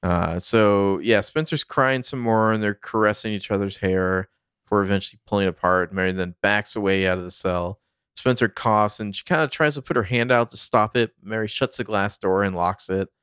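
A man's voice: lowish voice, moderate pace, fairly bright tone, clear, resonant tone, no echo, studio quality. A man casually recapping a TV episode on a podcast, narrating the scenes and briefly acting out the characters' lines.

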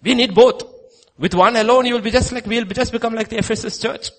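A male preacher delivering a sermon, telling stories and swinging between loud emphasis and hushed lines. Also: very high voice, brisk.

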